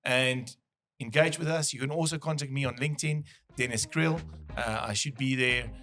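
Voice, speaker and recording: A man's voice: mid-range voice, normal speed, pushed and bright. A man hosting a business podcast, talking casually and thinking aloud with frequent restarts. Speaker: podcast host.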